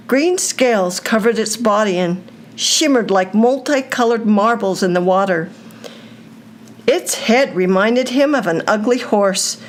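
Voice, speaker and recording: An older woman reading a children's story aloud, with a slow, deliberate storytelling delivery. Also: mid-range voice.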